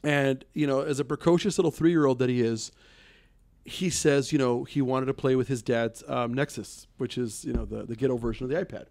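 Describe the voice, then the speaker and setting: A man's voice: mid-range voice, steady tone, brisk, vocal fry, darkish tone, no echo. A man co-hosting a comedy radio show, teasing his friends while telling a long story in a joking banter style. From United States. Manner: teasing, storytelling with mimicked voices.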